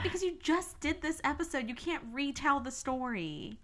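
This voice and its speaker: Bright-voiced young woman, laughing storyteller. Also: sits high, normal speed. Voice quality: laughs often, swears freely, animated storytelling. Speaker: podcast co-host. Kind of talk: casual chat. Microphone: podcast mic.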